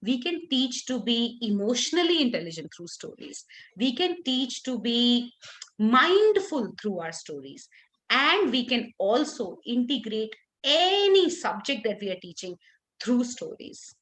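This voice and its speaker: A woman leading a workshop for teachers, talking expressively with lively intonation and frequent restarts. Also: fairly high pitch, unhurried. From India.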